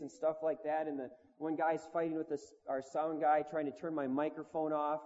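A man's voice: a little high, level tone, fairly quick, hardly any pauses, dark tone. A man preaching a storytelling sermon in a conversational, self-mocking way, with lots of "you know" and "like". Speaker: preacher and touring band leader. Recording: lo-fi recording in a long-echo hall.

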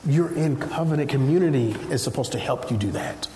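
A man from Nigeria, preaching a sermon in an animated storytelling way and acting out voices. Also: medium pitch, fairly quick, a little hiss or hum. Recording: echoey hall, faint ambience.

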